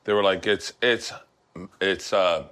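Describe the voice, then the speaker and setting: A man's voice: low voice, fairly even intonation, a little slow, a bit bright, clear, resonant tone. A man hosting a casual podcast chat in a kitchen, telling jokey stories with lots of swearing. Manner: profane, joking storyteller.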